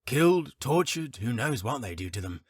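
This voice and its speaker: A man's voice: mid-range voice, big pitch swings, normal speed, husky, no room sound, clean studio sound, pitched above the performer's own voice. A man voicing a chatty, chuckling male innkeeper in an audiobook. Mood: gossipy. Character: chuckling middle-aged male innkeeper, gossipy. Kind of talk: audiobook character reading.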